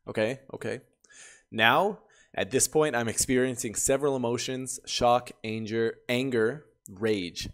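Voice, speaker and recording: Man reading stories with lively reactions. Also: mid-range voice, a little slow. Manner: animated, laughing reactions between readings. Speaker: YouTuber reading Reddit stories. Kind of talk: reading stories aloud with commentary.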